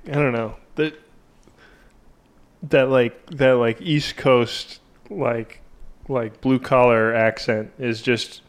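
A man's voice: medium pitch, fairly even intonation, takes it slowly. A man hosting a podcast, chatting loosely with frequent laughs and lots of fillers. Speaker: podcast host. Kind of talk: casual podcast chat.

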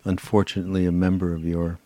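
A man co-hosting a podcast, talking in a relaxed and rambling way. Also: deep voice, quick pace, no room sound. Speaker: podcast co-host. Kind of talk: casual conversation.

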